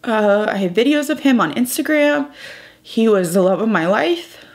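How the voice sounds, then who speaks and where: Young female vlogger, slightly high voice, emotional and tearful, casual personal update. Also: animated, moderate pace. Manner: tearful, breaking up while retelling. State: crying. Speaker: beauty vlogger.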